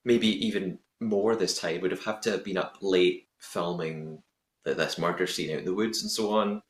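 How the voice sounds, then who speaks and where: A man hosting a podcast, recapping a reality show in a chatty, giggly, animated way. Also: mid-range voice. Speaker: podcast host. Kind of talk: casual recap chat. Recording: roomy echo.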